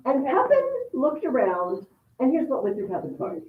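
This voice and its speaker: A woman teacher with a fairly high voice and a lively, swooping delivery, giving a history lesson and repeating key words for her students. She sounds distant from the microphone in an echoey classroom, with a thin, phone-like sound. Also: normal speed. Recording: echoey room, far mic, phone-like sound.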